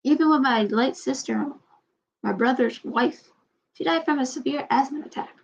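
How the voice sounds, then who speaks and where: A woman vlogging in casual personal talk, halting, often repeating herself and trailing off. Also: high-pitched, lo-fi sound.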